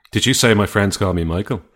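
An Irish man with a very low voice cuts in with brief, dry quips. He keeps things casual and relaxed, mostly listening and reacting. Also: normal speed. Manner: brief dry interjections and jokes. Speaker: podcast co-host. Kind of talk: casual chat.

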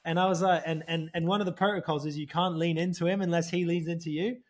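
A man co-hosting a casual podcast, telling animated stories, swearing freely and calling people "mate". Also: on the high side, fast talker. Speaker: podcast co-host. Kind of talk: casual chat.

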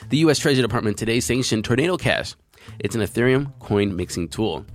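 A man hosting a crypto news show, reading out articles and giving his opinion in a conversational, earnest way. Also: on the low side.

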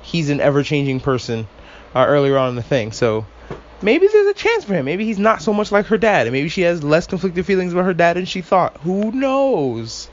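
A man with a fairly high voice talks through a show in a loose podcast recap, animated and sarcastic and quick to curse. The recording sounds dull and lo-fi. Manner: animated, swears a lot, sarcastic asides. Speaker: podcast host. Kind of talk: casual episode recap.

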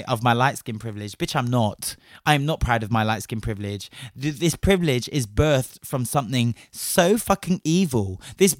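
A man's voice: a little high, fairly bright tone, dry recording, studio quality. A young adult man giving an impassioned personal rant, swearing a lot and speeding up in bursts.

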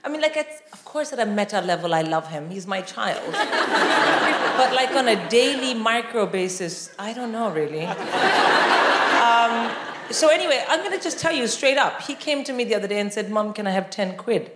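A middle-aged woman from India doing animated live stand-up comedy, often shouting and mimicking voices. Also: fairly high pitch, normal speed, heavy background noise. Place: large live venue with audience. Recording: echoey hall, loud crowd laughter.

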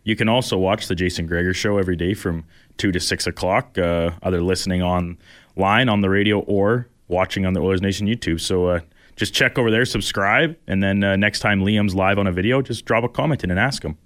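A man's voice: low-pitched, brisk, a bit bright. A man co-hosting a radio show, hesitant with many fillers and a teasing tone. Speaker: radio co-host. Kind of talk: casual radio banter.

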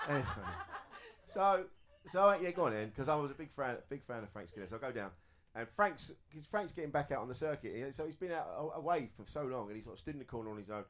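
A man's voice: medium pitch, animated, quick pace, a little hiss or hum. A middle-aged man, a comedian telling a rambling story on a live comedy panel, often laughing at his own jokes. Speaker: comedian and house player. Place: live venue with audience.

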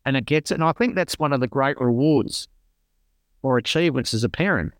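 A man's voice: mid-range voice, expressive, brisk, no room sound, studio quality. A middle-aged man with an Australian accent, a podcast guest telling stories in an earnest, rambling way. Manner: earnest storytelling, repeats himself. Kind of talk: casual conversation.

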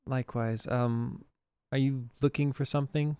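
A man's voice: medium pitch, fairly even intonation, normal speed, a little mellow, clear, resonant tone, no echo, voice pushed up, natural voice. Man voicing a wary young shopkeeper woman.

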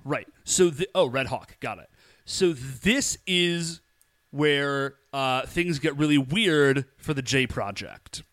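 A man's voice: medium pitch, expressive, takes it slowly, fairly bright tone, no room sound, clean studio sound. A man co-hosting a podcast, casually recapping an episode, chatty and laughing, acting out lines in quotes. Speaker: podcast co-host.

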